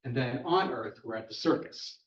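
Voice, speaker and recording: A podcast host casually recaps a comic book plot, chatty and wry, speeding through the plot points in an animated, medium-pitched voice at normal speed. The mic sounds roomy, distant, and dull, with a little hiss or hum.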